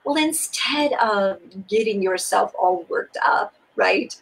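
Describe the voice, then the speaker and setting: A woman co-hosting a spiritual talk, explaining steps in an expressive, soothing and repetitive way. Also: medium pitch, takes it slowly, gravelly, husky, rough recording. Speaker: co-host. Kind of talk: spiritual teaching conversation.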